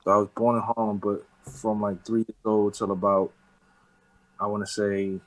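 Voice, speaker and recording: A man in his thirties with a New York accent, talking casually and rambling a little in a relaxed interview, dropping street slang. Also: on the low side, normal speed, low-quality recording. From the Bronx, New York. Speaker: rapper, interview guest.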